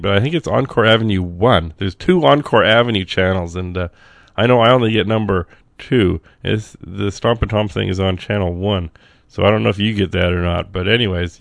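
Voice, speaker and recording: A man hosts a radio show in a low, gravelly voice, sick and stopping to cough now and then. He rambles casually between songs with dry jokes. The sound is close and dry, with no room around it. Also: no room sound.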